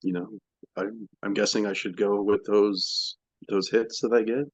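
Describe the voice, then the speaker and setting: A man's voice: fairly low pitch, steady tone, moderate pace, no echo, muffled recording. A man asking a question in a spiritual Q&A, tentative and searching for his words. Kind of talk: casual Q&A.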